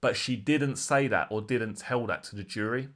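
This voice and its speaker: Man, casual spoken recounting, conversational, true crime vlogger, middle pitch. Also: moderate pace. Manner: conversational, lively re-enactment of courtroom exchanges.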